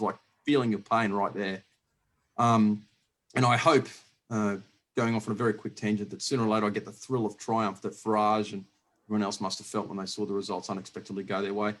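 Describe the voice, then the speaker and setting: Husky rambling man hosting. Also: fairly low pitch. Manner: rambling with many restarts and laughs. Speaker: podcast host. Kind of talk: casual conversational interview.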